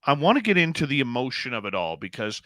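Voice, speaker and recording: A man hosting a radio interview, brisk and keeping the guest on time. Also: medium pitch, sing-song, bright, forceful tone, no echo. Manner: brisk, steering the guest toward a break. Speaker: radio show host.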